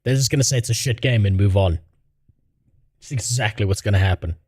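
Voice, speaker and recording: A man riffs casually on a livestream, sarcastic and quick to swear. His voice is dark and mellow, and it is recorded close with no room sound. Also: fairly low pitch, breathy edge, dry recording. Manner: blunt, profane and sarcastic. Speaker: streamer reacting to videos. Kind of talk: casual livestream reaction chat.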